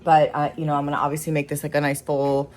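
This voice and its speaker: A woman's voice: low-pitched, completely flat delivery, fast talker, a little mellow. A young woman who runs an animal rescue, talking casually and emotionally in a vlog, with many fillers. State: pregnant. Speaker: wildlife rescue owner.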